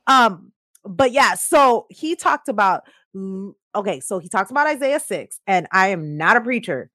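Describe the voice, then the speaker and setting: A woman's voice: medium pitch, expressive, measured pace, bright, forceful tone, dry recording, clean studio sound. Chatty woman in faith conversation. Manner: chatty, laughing, lots of fillers. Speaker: podcast co-host. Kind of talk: casual faith chat.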